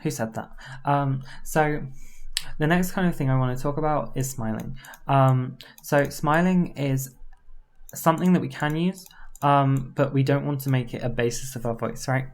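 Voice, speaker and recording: Woman voice coach, super low voice, loose chatty lesson, lots of um and right?. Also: moderate pace. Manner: relaxed and informal, with frequent fillers and tag questions; slips into demonstration voices. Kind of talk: casual voice-training lesson.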